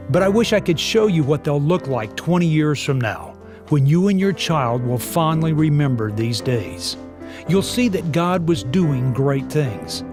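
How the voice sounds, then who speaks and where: A man reading a scripted radio spot in a warm, earnest way. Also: a little high. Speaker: parenting radio spot host. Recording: radio spot over a music bed.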